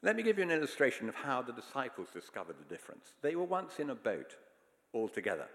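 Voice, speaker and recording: A man's voice: mid-range voice, very animated, fast talker, fairly bright tone. A man preaching a sermon, telling stories in an earnest, emphatic way. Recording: long hall reverb.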